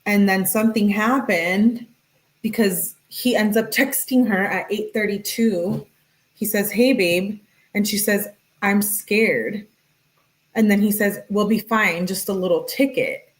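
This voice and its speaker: Speaking straight to her chat, this medium-pitched woman commentates on a true-crime case. She moves briskly through a couple's texts, reading each in a matter-of-fact tone and naming its sender.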